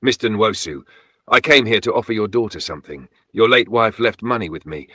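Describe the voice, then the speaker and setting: A man's voice: lowish voice, a little fast, bright, forceful tone, dry recording, studio quality. A man voicing a stern older village chief who speaks firmly and formally. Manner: firm, commanding, accusing.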